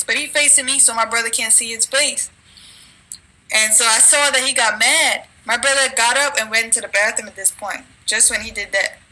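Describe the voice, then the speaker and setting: A woman's voice: fairly high pitch, pushed and bright, low-quality recording. A woman telling a religious dream in a rambling, casual way, with restarts, and at times reading scripture aloud. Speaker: religious video maker.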